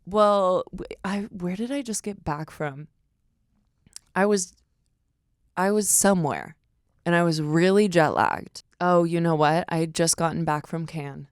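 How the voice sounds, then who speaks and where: A woman's voice: fairly low pitch, unhurried, clear, resonant tone, no room sound, studio quality. A young woman, a podcast guest, telling stories in casual chat, swearing freely and acting out what people said. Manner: storytelling, swears freely, acts out quotes.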